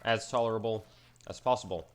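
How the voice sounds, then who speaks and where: A man's voice: on the low side, brisk, smooth. A man giving casual, rambling commentary over his own gameplay, self-mocking and slangy as he plays. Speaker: gaming channel host.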